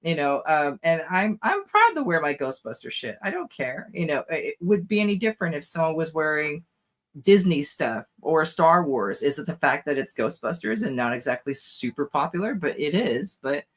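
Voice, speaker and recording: A hoarse, tired man chatting on a podcast, his voice sitting a bit high for a man. He rambles through stories with plenty of fillers and breaks into laughs often. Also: sing-song, normal speed, a bit bright. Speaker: podcast co-host. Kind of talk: casual chat.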